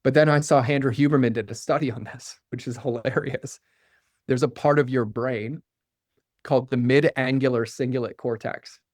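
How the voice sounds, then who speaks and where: A middle-aged man in candid interview talk, earnest and running on in one long flow of "like" and "right?". His voice sits at an ordinary pitch for a man. The recording is close and dry, with no room sound. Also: fairly even intonation, darkish tone, no room sound. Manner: earnest, fast-flowing, filler-heavy with "like" and "right?"; acts out quoted dialogue with his son. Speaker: podcast guest.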